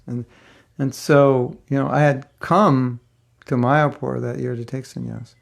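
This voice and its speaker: Gravelly older man teaching. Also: medium pitch, steady tone, moderate pace. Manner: conversational, rambling, with many fillers and restarts. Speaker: spiritual teacher giving a class. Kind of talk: casual storytelling lecture.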